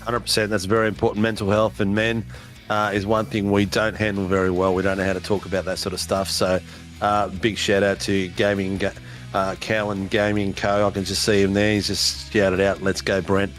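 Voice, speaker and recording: A man's voice: lowish voice, level tone, normal speed, faint music behind. A man hosting post-race interviews for a sim racing broadcast, chatty and hyped up. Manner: hyped announcer, chatty, says mate a lot.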